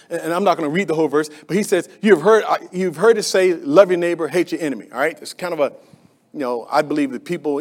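A man with a notably high voice delivers a sermon as a pastor. He swings between loud, emphatic calls and quieter asides. He often asks the congregation to answer back.

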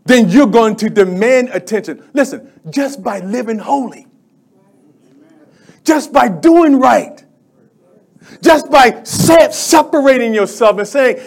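A middle-aged man preaching with fervent, conversational energy. His voice sits high for a man, and he repeats phrases and calls out to the congregation as he builds his points. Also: moderate pace. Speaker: pastor. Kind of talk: sermon.

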